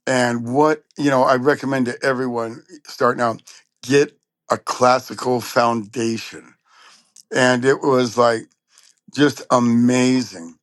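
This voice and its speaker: Guesting in an interview, a Southern California trumpeter recounts stories with lively energy, performing other people's lines himself. His voice is mid-range, with no echo.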